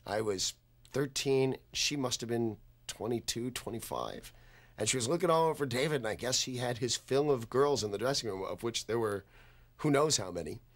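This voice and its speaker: Brief: mid-pitched male interviewee, wisecracking, laughs at his own jokes. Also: animated, normal speed. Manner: jokey, laughs through his punchlines. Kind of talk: comic anecdote.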